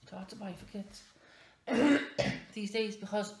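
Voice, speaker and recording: Taking it slowly in a mid-range voice, a woman in her thirties chats casually for her vlog while wrapping presents at home, rambling and mocking herself. Clear background noise and echo fill the room.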